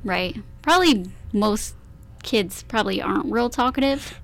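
A woman's voice: mid-range voice, lively intonation, measured pace, vocal fry. A woman sitting in as a guest on live radio in a small studio, a little out of breath, answering with short, agreeable replies. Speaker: guest co-host. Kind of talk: casual live radio chat. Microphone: studio microphone.

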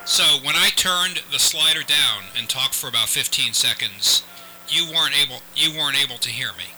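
Bright-voiced male radio host. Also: medium pitch, normal speed, a little hiss or hum, low-quality recording. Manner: earnest, repeats himself, lots of restarts. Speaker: radio call-in show host. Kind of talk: live call-in radio chat. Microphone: close studio microphone.

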